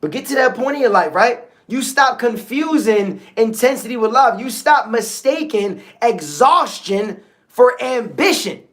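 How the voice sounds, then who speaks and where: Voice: mid-range voice, expressive, measured pace. A host giving a motivational talk on a livestream, speaking casually, repeating key phrases and often checking in with listeners. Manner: conversational, repetitive, checks in with listeners.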